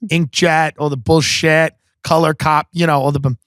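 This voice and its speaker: A man hosting a podcast, telling a comedic story in an animated, profane style packed with voices and impressions. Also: fairly high pitch, moderate pace, no echo, studio quality. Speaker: podcast host.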